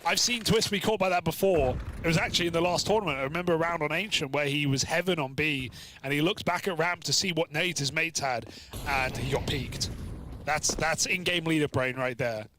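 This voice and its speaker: A man casting a live esports match, quick and chatty, bantering with his co-commentator. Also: a little high, pushed and bright, a little hiss or hum. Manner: quick, chatty, jokes with co-caster.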